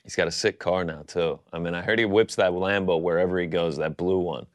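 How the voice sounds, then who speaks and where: A man's voice: deep voice, fairly even intonation, fairly quick, no room sound. A man co-hosting a casual talk show, easygoing and enthusiastic. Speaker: co-host. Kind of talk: casual chat.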